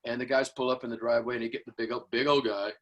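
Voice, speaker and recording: A man's voice: medium pitch, very fast, lo-fi sound. An older man from Houston, a drummer and guest, telling stories in an interview, acting out quotes and scatting drum beats. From Houston, Texas. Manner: animated storyteller acting out quotes and scat-singing drum beats. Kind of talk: storytelling interview.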